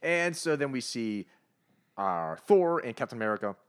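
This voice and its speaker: A middle-aged man co-hosting a podcast, chatting casually in an excitable, emphatic, ranting way. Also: mid-range voice, moderate pace, smooth. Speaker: podcast co-host. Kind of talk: casual chat.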